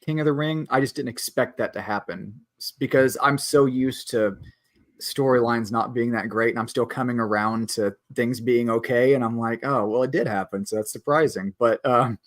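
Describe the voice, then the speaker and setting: A man talking casually on a podcast, his sentences wandering, trailing off and picking back up. The sound is dry and close, with no room around it. His pitch sits right in the middle. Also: no echo. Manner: chatty, trailing off and restarting. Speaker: podcast co-host. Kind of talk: casual chat.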